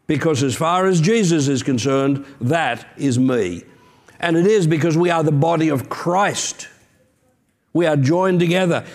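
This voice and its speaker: This man's voice is slightly high and somewhat mellow. Serving as pastor, he preaches a sermon in an earnest, emphatic way, dropping in conversational asides.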